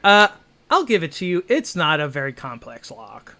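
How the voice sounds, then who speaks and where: A man with a bright, slightly high voice runs a tabletop game. He narrates in a loose, rambling way, circling back with "kind of" and "uh" between restarts. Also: very animated, moderate pace. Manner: rambling, filler-heavy, with many restarts. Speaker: game master.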